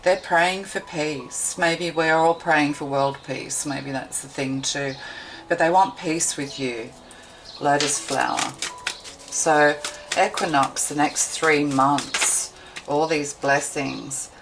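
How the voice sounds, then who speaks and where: A woman's voice: low voice, fairly even intonation, takes it slowly, background noise. A woman tarot reader giving a meandering, intuitive card reading, thinking aloud with many fillers.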